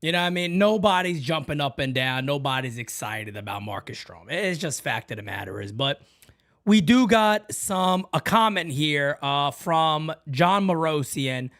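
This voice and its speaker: A man hosting a baseball fan show, emphatic, swinging between shouts and low mutters. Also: animated, moderate pace. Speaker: fan channel host.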